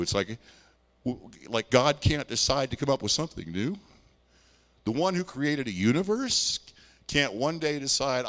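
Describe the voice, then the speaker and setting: A male pastor preaching with a lively, swinging pitch. He talks to the congregation in a folksy, conversational way, mixing scripture reading with homely asides. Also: long reverb tail. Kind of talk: sermon.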